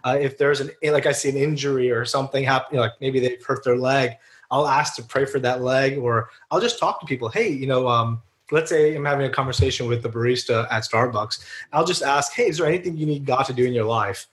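A man's voice: medium pitch, a little fast. A man guest in an interview, earnestly telling personal stories in a chatty way, with many fillers and restarts. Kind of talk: casual storytelling interview.

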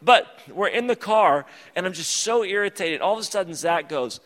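A man's voice: high voice, expressive, normal speed, a bit bright. Man preaching in an echoing hall. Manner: conversational, emphatic, repeats key phrases. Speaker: pastor. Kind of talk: sermon. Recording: long reverb of a large hall.

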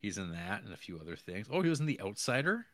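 Deep-voiced man recapping a film. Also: big pitch swings, quick pace, fairly bright tone, no room sound. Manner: rambling, chuckles often, many fillers. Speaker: podcast co-host. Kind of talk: casual film recap chat.

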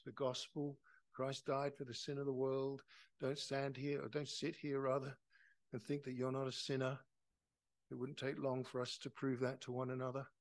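Slow, impassioned preacher man. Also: medium pitch. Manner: impassioned, rising to loud emphatic peaks, rhetorical questions. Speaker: pastor. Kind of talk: sermon. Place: church.

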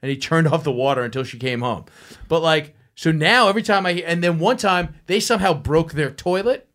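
A man telling a story in casual chat, animated and profane, acting out what people said. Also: a little high, brisk. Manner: animated, profane, acts out quotes.

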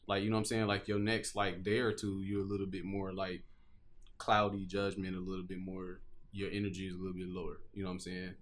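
A man's voice: low voice, monotone, quick pace. A man in casual chat who rambles through explanations full of fillers. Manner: rambling explainer, heavy fillers like "you know what I'm saying".

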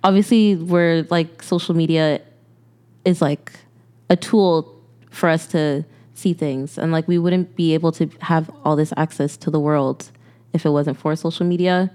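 A woman's voice: deep voice, steady tone, warm tone, smooth. A woman, co-hosting a podcast in a casual, earnest way with lots of "like" fillers. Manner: earnest, halting, many "like" fillers. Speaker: podcast co-host.

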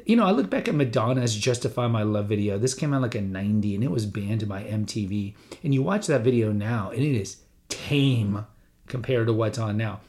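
A middle-aged podcast host talks solo in a conversational, meandering way, frequently restarting his sentences and briefly imitating his father's voice and accent. His voice is on the low side, expressive and darkish, at a fairly quick pace.

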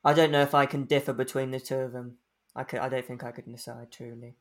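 A man's voice: mid-range voice, flat delivery, quick pace. Laid-back man chatting on a podcast. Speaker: podcast co-host. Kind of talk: casual chat.

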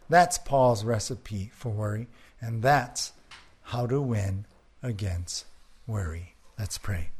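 A man's voice: fairly low pitch, slow pace, breathy edge. A man pastor preaching a sermon and leading a closing prayer, earnest with repeated rhetorical questions.

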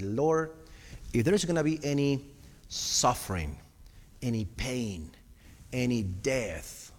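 Speaking straight to the congregation, a man delivers an earnest sermon woven with his own testimony. His voice is medium-pitched and darkish, with a long reverb tail behind it.

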